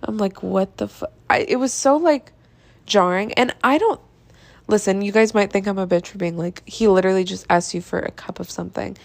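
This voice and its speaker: A young woman hosting a podcast, telling a story in a casual, chatty monologue with swearing, sighs and laughs, exasperated and animated. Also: medium pitch, a little fast, creaky, no room sound. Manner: animated, exasperated, drops to mutters. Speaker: podcast host.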